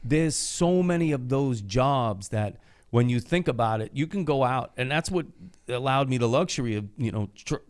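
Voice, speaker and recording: A man's voice: mid-range voice, animated, moderate pace, clean tone. Profane laid-back podcast host, a man. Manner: loose, profane, laughs often. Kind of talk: casual podcast chat.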